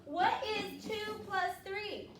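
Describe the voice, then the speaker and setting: A high-pitched woman teacher runs a phonics lesson in an upbeat, patient way, stretching words out slowly for the children. She sounds far from the microphone in an echoey classroom with a faint hiss behind her.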